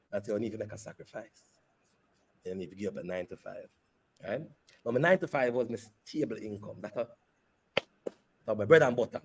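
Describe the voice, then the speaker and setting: A man, a company CEO, telling a personal story in an interview with animated, repeated phrases. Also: on the low side, slight background noise. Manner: animated retelling that repeats phrases and slips into patois.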